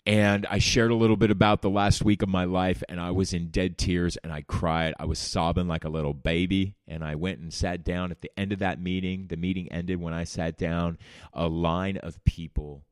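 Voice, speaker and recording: A man's voice: low voice, little pitch movement, normal speed, smooth, no room sound, clean studio sound. A man hosting a podcast, candidly telling his own recovery story with blunt, profane language. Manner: candid, blunt, swears freely. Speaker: podcast host.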